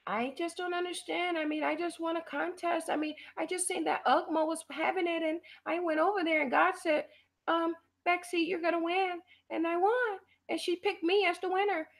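A woman putting on a high, airy voice to mock a gloating woman contest winner. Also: steady tone, moderate pace, creaky. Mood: mock innocent.

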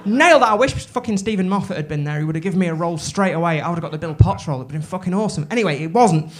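A woman doing stand-up, telling a story in an excitable, sweary, rambling way full of restarts, on a comedy club stage with a handheld mic. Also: fairly low pitch, racing.

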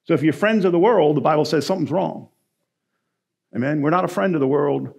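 A pastor delivers his sermon in a fairly high-pitched voice. He surges loud and emphatic, then drops to low, quiet asides, with the cadence of the pulpit. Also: fairly quick, creaky, slightly rough.

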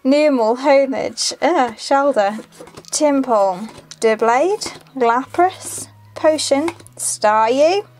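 A woman's voice: sits high, takes it slowly, darkish tone. A young woman hosting a card-opening video, chatty and giggly, repeating herself as she reads out each card. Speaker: channel host opening card packs. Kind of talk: casual chat while opening booster packs. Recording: faint music behind.

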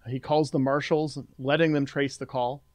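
Male podcast co-host, mid-pitch, plain recap delivery, dry recording. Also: normal speed, dry recording. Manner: reads plot summary in a steady recap, then chats. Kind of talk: casual recap and chat.

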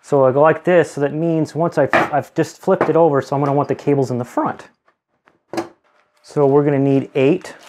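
A man's voice: on the high side, steady tone, moderate pace, darkish tone. Man explaining a hands-on build. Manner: explains steps plainly while working. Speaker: channel host building a PC. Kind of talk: casual hands-on tutorial.

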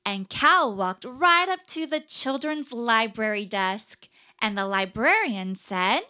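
A woman's voice: fairly high pitch, animated, slow pace, pushed and bright, clean tone. A woman narrating a children's puppet show with sing-song, exaggerated storytelling emphasis.

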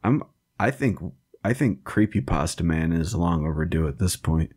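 A man's voice: deep voice, expressive, normal speed, a little mellow, slightly rough. A man co-hosting a podcast in casual chat, joking and laughing as he riffs on silly characters. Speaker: podcast co-host.

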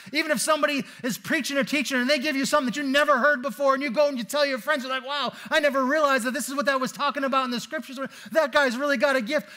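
A man's voice: very high voice, sharp tone. A man preaching a sermon in a church, talking in a conversational, storytelling way with casual fillers. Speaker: pastor. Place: church sanctuary.

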